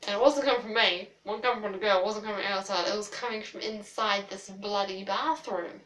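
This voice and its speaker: A woman's voice: mid-range voice, steady tone, brisk, fairly bright tone, distant mic, a little hiss or hum. Rambling woman telling a story off-mic. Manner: rambling, full of "like" fillers; swears casually. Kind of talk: casual storytime vlog. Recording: roomy, a little off-mic.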